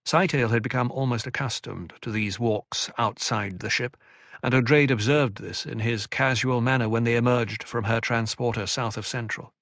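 A man reading an audiobook with scripted narration, in an even, deliberate way. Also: medium pitch, no room sound, clean studio sound.

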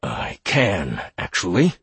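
A man's voice: low voice, wildly swooping pitch, slow, vocal fry, fairly bright tone, husky, in a large hall, full character voice. A man voicing a cold, curt old spymaster. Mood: dry. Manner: curt, commanding interrogation.

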